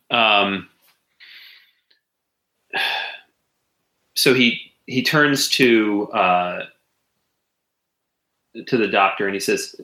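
Male game master, low and bright, hesitant narration, roomy sound. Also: takes it slowly, pauses often. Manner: relaxed and hesitant, many "um"s.

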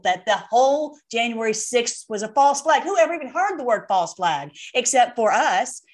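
Excitable rambling woman, a little high. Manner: excitable, laughs often, rambling with restarts. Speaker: online video host. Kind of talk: casual monologue to camera.

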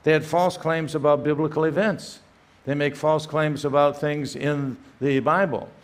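An older man giving a firm, emphatic lecture as a guest speaker, often pausing with "uh" between phrases. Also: a little high, little pitch movement. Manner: emphatic, many "uh" fillers, reads quotations aloud. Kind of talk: apologetics lecture.

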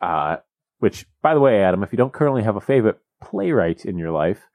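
Low-voiced man with a lively delivery. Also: brisk, no room sound. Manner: animated, wry storytelling. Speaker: podcast co-host. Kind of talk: casual comedic chat.

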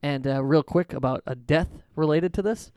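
A young man co-hosting a casual podcast chat, animated and rambling as he tells stories, laughing often. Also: on the high side, moderate pace, clean tone, dry recording, clean studio sound. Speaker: podcast co-host.

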